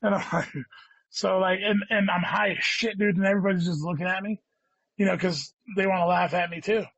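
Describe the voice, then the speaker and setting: Guest comedian, male, higher voice, rambling profane storyteller, dry, dull lo-fi recording. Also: fairly even intonation, brisk, fairly bright tone, no echo. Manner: rambling, heavy swearing, says "dude" constantly. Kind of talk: casual storytelling chat. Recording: dull lo-fi sound.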